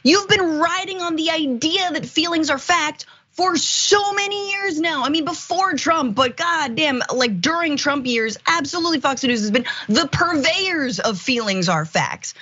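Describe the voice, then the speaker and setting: A woman co-hosting a political commentary show, animated, indignant and sarcastic. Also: sits high, measured pace, lo-fi sound. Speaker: co-host.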